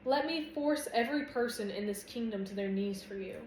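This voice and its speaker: A woman's voice: a little high, fairly quick, darkish tone, slight background noise, close to an everyday voice. Woman reading intense young male warrior, blunt, protective, storybook lover, echoey room.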